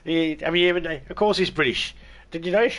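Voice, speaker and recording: A man's voice: on the high side, normal speed, a bit bright. An Australian man streaming a game, chatting casually with irreverent jokes and plenty of swearing. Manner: joking, irreverent, swears freely. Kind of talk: casual gameplay chat.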